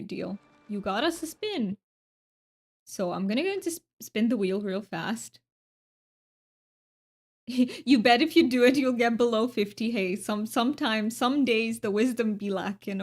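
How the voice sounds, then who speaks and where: Giggly woman with a light Romanian accent. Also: fairly high pitch. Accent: slightly Americanized Romanian. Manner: giggly, chatty, quick restarts while reading chat. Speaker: game streamer. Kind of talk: casual gameplay chat with viewers.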